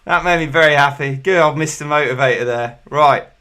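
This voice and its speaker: High-voiced chatty quiz host. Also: male voice, a little fast, very noisy. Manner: chatty, jokey, bursts of loud excitement. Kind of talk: casual online quiz hosting.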